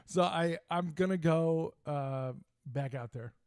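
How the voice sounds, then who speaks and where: A man's voice: fairly high pitch, takes it slowly, smooth, no echo. Brash older man telling stories. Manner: animated, brash, joking storyteller. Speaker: podcast host. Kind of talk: casual storytelling chat.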